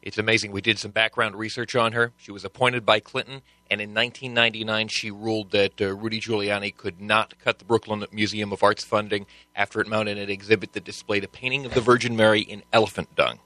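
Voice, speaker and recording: A man's voice: lowish voice, flat delivery, quick pace, hardly any pauses, pushed and bright, dry recording. A man acting as co-host on a talk radio show, chiming in with matter-of-fact, agreeable remarks.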